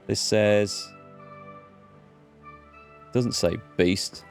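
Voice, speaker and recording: A man's voice: fairly low pitch, expressive, moderate pace, a little mellow. An English man rambling through casual let's play commentary as a gaming host. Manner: rambling, chatty, restarts often. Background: faint game music.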